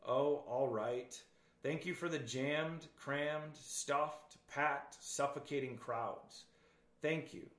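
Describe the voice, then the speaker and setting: A man's voice: medium pitch, slow pace, a bit bright. A man reading aloud the lines of a frightened, doubting young woman prisoner in an echoey room. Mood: reluctant. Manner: read aloud in plain storytelling voice.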